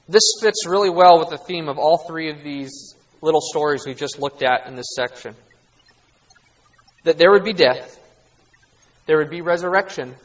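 High-voiced guy preaching a bible lesson, earnest, leans hard on the big points, kinda muffled lo-fi sound. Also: a bit bright. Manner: earnest, emphatic, rising to stress key points.

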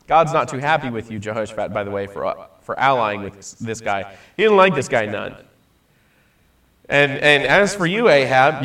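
A man's voice: mid-range voice, fairly bright tone, far from the mic, lightly acted. A man voicing a blunt, sarcastic prophet who drawls his warnings, retelling a story to a class.

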